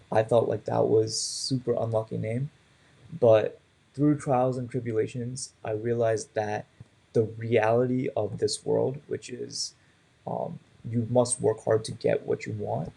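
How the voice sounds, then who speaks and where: Speaking in a creaky, dark mid-range voice with a breathy edge, a man in his twenties leads a public speaking class. His style is conversational, and he keeps tagging his points with "right?".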